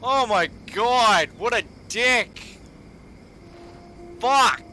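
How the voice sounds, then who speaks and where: A game streamer doing live gameplay commentary, swearing constantly and swinging between startled outbursts and low grumbling. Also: expressive, a little slow, sharp tone, slight background noise. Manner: profane, jumpy and easily startled, swears constantly.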